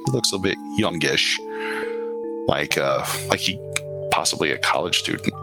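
A man narrating as game master of a tabletop role-playing game, in a relaxed, rambling way. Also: a bass voice, normal speed, creaky, low-quality recording. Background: background music.

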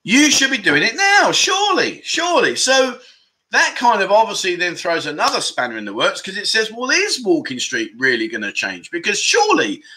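Animated chatty man host. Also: sits high, moderate pace, low-quality recording. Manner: animated, chatty, jokey, rambling. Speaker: livestream host. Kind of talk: casual livestream chat reading comments.

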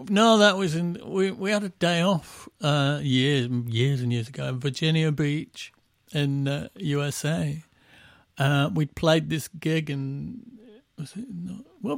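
Man, middle-aged, from England, gravelly voice, dry room, rambling anecdotes. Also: a little high, normal speed, no echo. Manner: rambling storyteller with restarts, laughing at his own stories. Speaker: band musician guest. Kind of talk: casual anecdotal chat.

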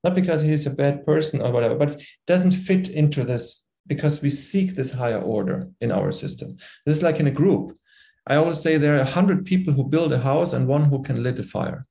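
A man's voice: a little high, a little fast, gravelly, warm tone. A middle-aged man with a German accent, a native German speaker, explaining his ideas earnestly as a podcast guest and sometimes searching for words. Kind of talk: conversational interview.

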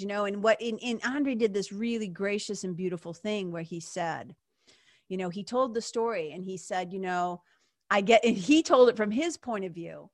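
A middle-aged woman, hosting her own podcast and telling a story in an animated, gushing way with quick excited bursts. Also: mid-range voice, dry recording, clean studio sound. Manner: animated, gushing, fast bursts, casual swearing. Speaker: podcast host.

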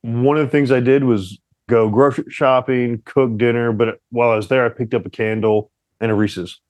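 A young man co-hosting a casual relationship chat with his partner, teasing and animated as he tells stories. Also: medium pitch, moderate pace, no echo. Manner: playful, teasing, animated storyteller. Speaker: podcast co-host.

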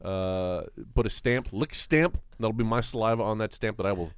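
A man's voice: on the low side, clear, resonant tone, no echo. A man co-hosting a casual podcast, joking around and drawing out hesitant phrases. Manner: jokey, drawn-out hesitant phrasing. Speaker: podcast co-host.

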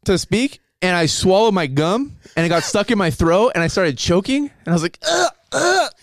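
A man's voice: high-pitched, lively intonation, fairly quick, no room sound, studio quality. A man casually telling embarrassing dating stories, laughing often and swearing freely. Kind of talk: casual chat, storytelling.

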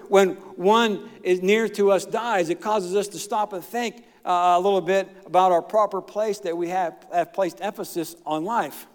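A middle-aged man, preaching a folksy, emphatic sermon in a church. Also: fairly high pitch. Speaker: pastor. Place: church sanctuary. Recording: long reverb of a church hall.

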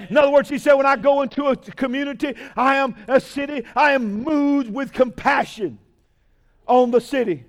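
A man preaching a fiery sermon, shouting and drawing out key phrases and calling out to the congregation. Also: very high-pitched. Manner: shouting, drawn-out emphatic preaching with call-outs to the congregation.

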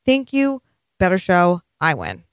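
A woman's voice: fairly low pitch, huge pitch swings, measured pace, clear, resonant tone, dry recording, clean studio sound. A woman co-hosting a casual podcast, exasperated and sarcastic, swearing freely. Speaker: podcast co-host.

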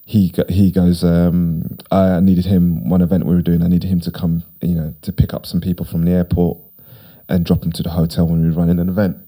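A man's voice: deep voice, monotone, fairly quick, warm tone. A middle-aged man, a podcast guest talking casually, rambling and repeating himself with emphasis. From United Kingdom. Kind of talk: casual conversation.

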